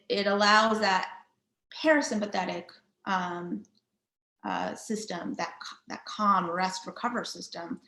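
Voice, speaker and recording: A woman's voice: mid-range voice, a bit bright. Chatty woman physical therapist, roomy echo. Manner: chatty, many filler words. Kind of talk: casual guided breathing talk.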